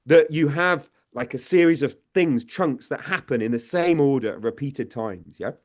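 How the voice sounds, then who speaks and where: A British man speaking as a guest researcher in a podcast interview. His voice sits at a middle pitch, and he thinks aloud with restarts, often checking in with "yeah?". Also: moderate pace. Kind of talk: conversational explanation.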